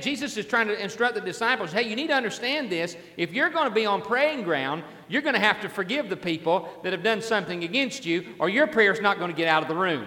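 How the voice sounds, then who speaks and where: A man's voice: sits high, bright, forceful tone, in a large hall. A man preaching a sermon as a pastor, in a conversational way, often repeating his words and asking the congregation questions.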